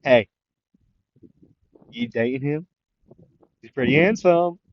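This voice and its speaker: A man's voice: mid-range voice, slow pace, lo-fi sound, lightly acted. A man voicing a pushy, whiny young heroine who complains that things are unfair. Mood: teasing. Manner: complaining, pleading. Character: eager woman rabbit hero, pushy, whiny.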